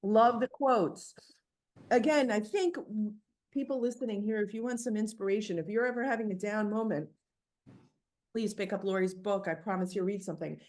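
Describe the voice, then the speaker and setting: A woman's voice: medium pitch, normal speed, a little mellow. A woman hosting an online book interview on a video call, effusive and emotional in her praise. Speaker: interviewer and book club host.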